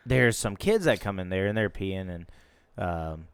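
Smooth-voiced man telling a story. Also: deep voice, a little slow, dry recording. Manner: animated storyteller, laughs as he talks. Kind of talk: casual chat, storytelling.

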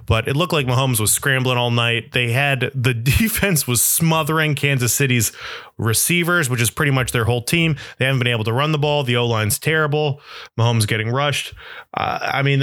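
A man's voice: mid-range voice, fairly bright tone, no room sound, studio quality. A young man in a casual comedic monologue, rambling and self-deprecating as he riffs into absurd bits.

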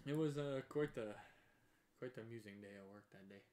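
A man telling a wild story in casual chat, animated, swearing and laughing as he goes. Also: lowish voice, brisk. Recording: echoey room.

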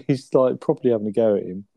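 A man's voice: mid-range voice, fast talker, creaky, no room sound, dull audio. A man chatting casually on a podcast, laughing as he retells sitcom scenes and tagging on questions. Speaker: podcast co-host. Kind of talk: casual chat reviewing a sitcom episode.

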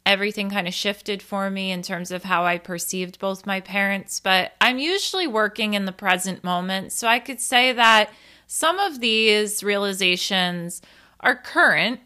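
A woman's voice: mid-range voice, normal speed, pushed and bright. A woman in her thirties telling a candid, funny family story in a casual monologue, swearing and laughing at herself. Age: 30s.

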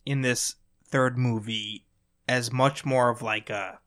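A man's voice: medium pitch, steady tone, slow, a bit bright. A man co-hosting a movie podcast in casual chat, easygoing and agreeable. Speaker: podcast co-host.

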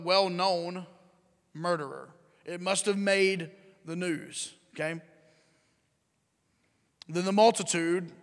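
A man preaching a sermon, acting out voices, swinging from loud bursts to hushed drops. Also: sits high, long reverb tail. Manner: animated, acts out crowd and Pilate, rising and dropping to near whisper. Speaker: pastor.

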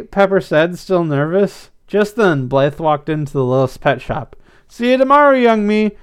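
Expressive man reading a story aloud. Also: on the high side. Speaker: narrator.

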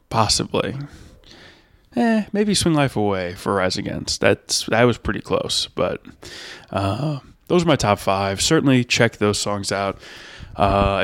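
A man's voice: fairly low pitch, no echo, studio quality. A man hosting his own podcast, talking alone about bands he loves in a rambling, enthusiastic way with many fillers. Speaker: podcast host. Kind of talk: solo podcast music review.

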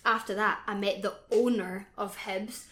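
A young woman with a Scottish accent, co-hosting a casual podcast and telling animated, self-mocking stories with plenty of swearing. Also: medium pitch, measured pace, roomy sound. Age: young adult. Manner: animated storyteller, swearing, laughing at herself. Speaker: podcast co-host. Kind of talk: casual chat.

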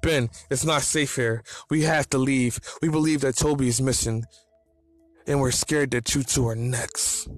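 A man's voice: medium pitch, fairly even intonation, unhurried, close to an everyday voice. A man voicing a commanding, impatient faceless male monster leader in a read-aloud fan story. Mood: stern. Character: tall faceless male monster boss, stern.

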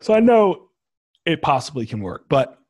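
Husky, animated young man podcasting. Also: on the high side, moderate pace, no room sound, studio quality. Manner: animated and emphatic, slangy. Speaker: podcast host. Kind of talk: casual solo podcast talk.

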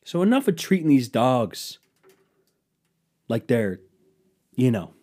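A man's voice: mid-range voice, very animated, slow pace, pauses often, mellow. A man hosting his own podcast, telling stories in a profane, sarcastic rant. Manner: profane, sarcastic, ranting storyteller. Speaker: podcast host.

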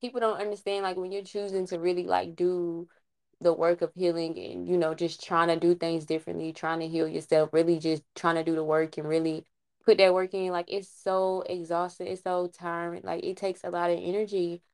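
A woman's voice: fairly low pitch, level tone, brisk, a little mellow. A woman hosting a podcast in casual chat, responding with enthusiastic, affirming interjections. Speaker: podcast host.

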